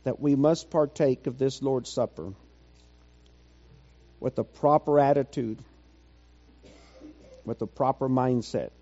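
A man preaching a sermon, slow and measured, building to fervent intensity and then dropping low and quiet. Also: in a large hall, highs cut off.

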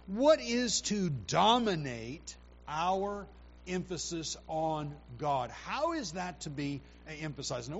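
A man preaches with a high-pitched voice at an unhurried pace, breaking into loud, emphatic quotations. The recording sounds muffled and lo-fi, with a faint hum underneath. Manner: animated preaching, rising to loud emphatic quotes. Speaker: pastor. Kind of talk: sermon.

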